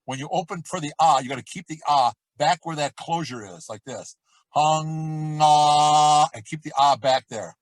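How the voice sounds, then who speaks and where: A middle-aged man coaching a vocal warm-up lesson, talking in a relaxed, chatty way between loud sung demonstrations. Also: medium pitch, brisk, hardly any pauses, dry recording, low-quality recording. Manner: demonstrates exercises with loud sung shouts and quacks.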